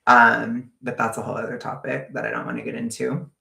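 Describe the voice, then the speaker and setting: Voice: mid-range voice, level tone, brisk, gravelly, sharp tone, reverberant. A vlogger ranting in a casual, profane, exasperated way.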